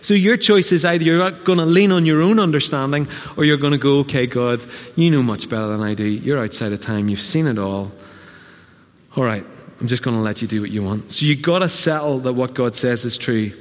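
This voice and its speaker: A man preaching a conversational sermon, often slipping into quick quoted asides. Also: mid-range voice, long reverb tail. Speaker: pastor.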